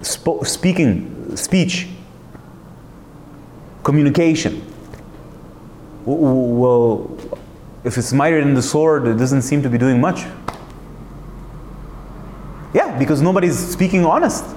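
A man's voice: a little high, a little mellow, echoey room, slight background noise. A man hosting a talk, speaking in an emphatic, searching way, full of rhetorical questions and restarts. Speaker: host. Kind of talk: reflective monologue.

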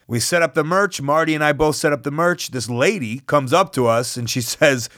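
A man hosting a podcast who tells a story in an animated, self-mocking way and swears freely. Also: on the high side, a little fast, hardly any pauses, no echo, clean studio sound. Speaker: podcast host. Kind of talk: storytelling monologue.

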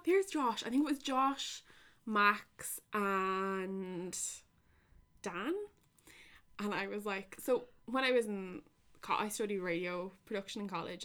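A young Irish woman co-hosting a podcast, telling stories in a lively, laughing way. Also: mid-range voice. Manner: animated, laughing storyteller. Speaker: podcast co-host. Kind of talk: casual chat, storytelling.

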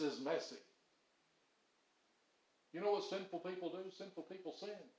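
Middle-aged man, pastor preaching in a roomy sanctuary, a touch high-voiced, earnest storyteller. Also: sing-song, moderate pace. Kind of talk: sermon. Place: church sanctuary. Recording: roomy church echo.

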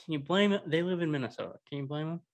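A man co-hosting a casual sports podcast, giving dry, sarcastic praise with many ums and pauses. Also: on the high side, expressive. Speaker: co-host.

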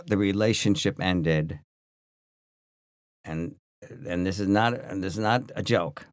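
A man with a very low voice, co-hosting a podcast, tells a story slowly in casual chat, rambling and animated, with many restarts and lots of "like." The recording is dry and close, with no room sound behind it.

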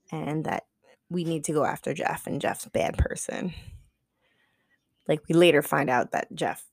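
Low, gravelly woman telling a story. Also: a little mellow, no room sound, clean studio sound. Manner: chatty, profane, heavy use of "like"; acts out quoted dialogue. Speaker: podcast co-host. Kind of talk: casual storytelling.

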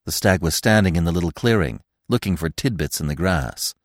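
A man's voice: low voice, expressive, fairly quick, no echo, clean studio sound. A man narrating a classic children's story expressively as a podcast host. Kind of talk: audiobook narration.

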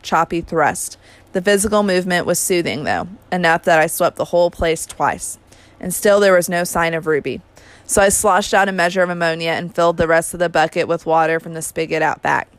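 Low smooth-voiced woman reading a novel. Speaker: audiobook reader. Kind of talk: first-person novel narration.

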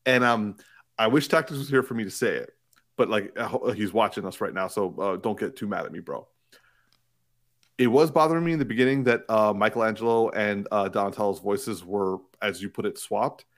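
A man co-hosting a podcast in casual chat, excitable and rambling, laughing often and restarting his sentences. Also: fairly low pitch, fairly quick. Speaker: podcast co-host.

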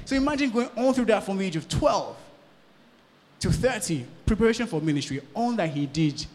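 A male pastor preaches in a somewhat high voice, rising to loud bursts and dropping to hushed lines. He keeps checking in with his listeners as he goes. His voice rings with the long reverb of a large hall. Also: animated, a little fast. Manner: preaching with sudden swings from loud to hushed, repeated questions to the congregation. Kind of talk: sermon.

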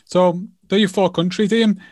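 Dry, higher-voiced male host. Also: fairly even intonation, normal speed, darkish tone, no room sound. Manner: rambling, filler-heavy with "like". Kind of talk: casual interview.

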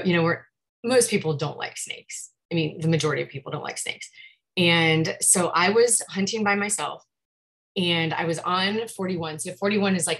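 A woman telling a snake-hunting story on a podcast in a casual, animated way, laughing and acting out what people said. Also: fairly low pitch, low-quality recording. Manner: lively, animated, laughs often, acts out quotes. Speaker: python hunter guest on a podcast.

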